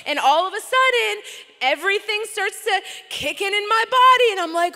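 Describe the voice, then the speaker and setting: Woman conference speaker, high voice, comic storytelling sermon, long hall reverb. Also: moderate pace. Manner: animated, comic storytelling with laughs.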